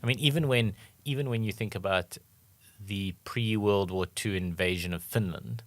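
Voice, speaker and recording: A man co-hosting a casual comedic trivia podcast, from South Africa, talking in a rambling, animated way and laughing often. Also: lowish voice, moderate pace, dry recording. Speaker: podcast co-host.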